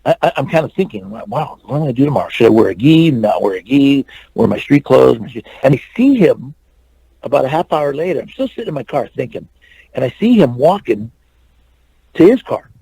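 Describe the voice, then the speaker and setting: A man's voice: mid-range voice, big pitch swings, a little fast, vocal fry, dark tone, husky, rough recording. A man in his sixties from California, an interview guest telling a long anecdote and acting out the dialogue, with many fillers and restarts. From California, USA.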